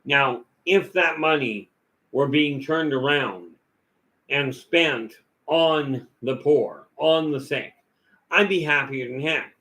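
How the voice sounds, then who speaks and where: A man's voice: fairly high pitch, slow, pushed and bright, rough recording. A man giving a rambling, folksy talk full of stories and asides as a vlog host. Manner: folksy, storytelling, many "you know" fillers.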